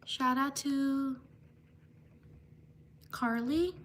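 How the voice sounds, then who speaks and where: A woman live streaming who reads out viewer shout-outs slowly, stumbling over names and apologizing for them. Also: high voice, far from the mic. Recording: voice a bit off-mic with faint background hiss.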